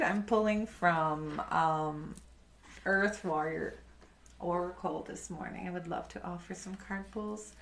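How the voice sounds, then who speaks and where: Woman, non-native English accent, soothing meditation guide, very slow delivery, roomy echo. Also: fairly low pitch, creaky. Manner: slow, soft and soothing, trailing off at phrase ends; giggles now and then. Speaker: chant and meditation leader. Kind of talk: guided meditation and oracle card reading. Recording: roomy echoey room.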